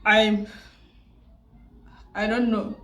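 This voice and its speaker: A tearful, grieving woman who keeps repeating herself and pausing, vlogging about her loss. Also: medium pitch, level tone, a bit bright, echoey room. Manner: grieving, repetitive, pausing often. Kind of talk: emotional personal vlog.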